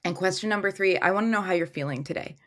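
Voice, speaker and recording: A woman's voice: mid-range voice, fast talker, a little hiss or hum. A woman hosting a casual tarot livestream from a room at home, talking into her phone, chatty and upbeat as she reads viewer comments aloud.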